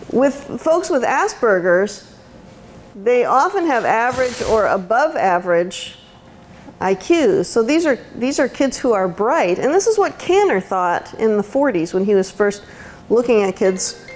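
A woman's voice: mid-range voice, sing-song, a little slow, slight background noise. A woman giving a conversational lecture as an autism educator, with frequent ums and restarts. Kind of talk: university lecture talk. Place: lecture room.

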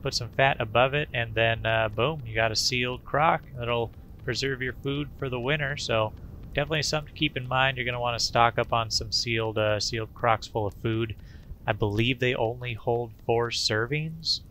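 A man's voice: mid-range voice, moderate pace, pushed and bright, slight background noise. A man casually commenting on his gameplay, rambling in a folksy way with fillers and little sound effects. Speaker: gaming channel host. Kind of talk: casual let's-play commentary.

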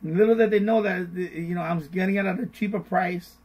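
A middle-aged man hosting a finance live stream, repeating his points in a casual, animated way and mimicking panicked voices. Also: high voice, a little fast, breathy edge, low-quality recording.

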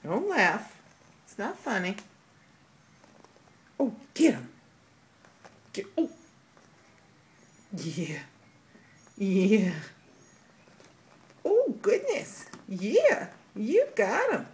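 A woman's voice: medium pitch, huge pitch swings, drawn-out words, pauses often. A woman filming her pet squirrel, talking to it in playful scolding baby talk. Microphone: handheld camera.

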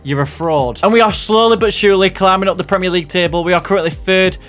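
A young man calls the action of a football video game as he plays it. His voice sits a little high, and he swings between loud excited outbursts and low muttered asides. Faint music plays underneath. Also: quick pace. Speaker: gaming commentator.

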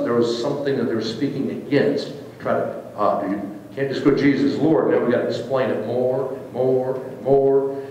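A man, a pastor, talks to his church group in a lively, joking way, like a teacher. His voice is of middle pitch and comes from some distance off the mic. The sound bounces with the long echo of a large hall. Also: lo-fi sound, slight background noise. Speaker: pastor leading a trip meeting. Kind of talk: informal talk to a church group. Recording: echoey hall, speaker far from mic.

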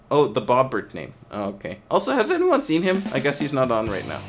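A man with a mid-range voice hosts a live game stream in a loose, conversational way. He reads chat aloud, stumbles and restarts his sentences, and gets loud with play-by-play when the action heats up. Faint music plays underneath. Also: mid-range voice, fairly quick. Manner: excited play-by-play shouting during action. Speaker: streamer hosting private game lobbies. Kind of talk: casual live-stream commentary.

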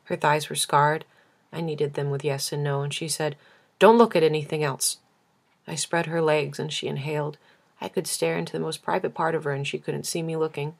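A woman reading a novel aloud as an audiobook, measured and intimate. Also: sits low, little pitch movement, vocal fry. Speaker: audiobook reader.

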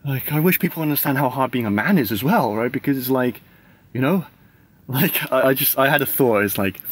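A man in his thirties gives a loose, rambling monologue to camera, with filler words all through it. His voice sits at an ordinary middle pitch, and his talk is casual, with the occasional swear word. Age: 30s. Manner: rambling, many "like" and "right?" fillers; swears casually, laughs between thoughts. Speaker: vlogger.

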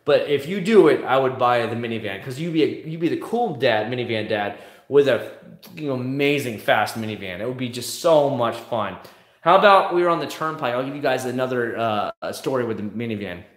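Animated storytelling dad in an echoey room. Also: male voice, medium pitch, fairly quick. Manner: animated storytelling with acted-out quotes. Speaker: car vlogger. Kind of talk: casual chat.

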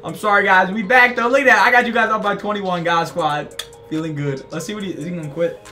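A young man narrates his football video game match in loose slang, teasing his opponent and hyping himself to viewers. His voice sits a little high and sounds bright and forward. Faint background music plays beneath the commentary. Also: fast. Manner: excitable, slangy, trash-talking the opponent. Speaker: gaming YouTuber. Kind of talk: casual gameplay commentary.

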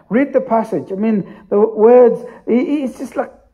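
A man's voice: sits high, very animated, a little slow, few pauses, warm tone, slightly rough, highs cut off. A man preaching a sermon as pastor, telling the story emphatically with repeated phrases.

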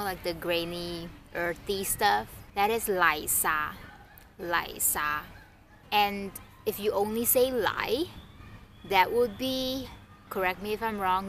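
Woman, casual home vlog lesson, unhurried delivery, repeats each word, light background hiss. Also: medium pitch. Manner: relaxed, thinks aloud, repeats words slowly. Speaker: language teacher vlogger.

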